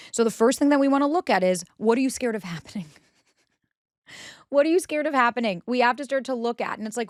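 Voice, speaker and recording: A woman's voice: fairly high pitch, dry recording, clean studio sound. A woman hosting a podcast, giving candid relationship advice in a blunt, emphatic way, with frequent swearing, and acting out the voices she quotes. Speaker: podcast host.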